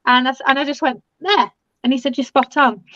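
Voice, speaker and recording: A woman's voice: high-pitched, flat delivery, fast talker, a bit bright, lo-fi sound, slight background noise. A woman hosting a casual chat, talking in a chatty, rambling way with many "you know"s.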